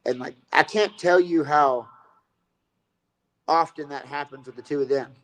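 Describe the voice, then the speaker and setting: A man's voice: on the high side, measured pace, poor audio. A man telling a rambling, profane story about fighting and coaching in a casual interview.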